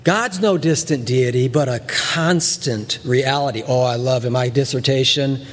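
A male pastor preaching a sermon with animated delivery, acting out voices and repeating words for emphasis. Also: medium pitch, unhurried, in a large hall, a little hiss or hum.

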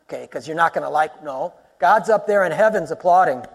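A man preaching a sermon as a pastor, in an animated teaching style with quick asides and rising exclamations. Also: on the high side, gravelly, long reverb tail.

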